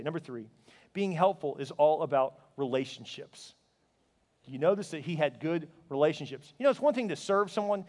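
High-voiced, fast-talking pastor preaching. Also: male voice. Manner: emphatic, exhorting, with playful asides. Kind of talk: sermon. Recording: long reverb of a large hall.

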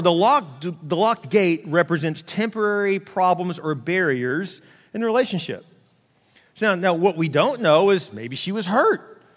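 High-voiced male pastor in a reverberant hall. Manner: conversational, animated, frequent restarts and quoted asides. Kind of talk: sermon. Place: large church hall.

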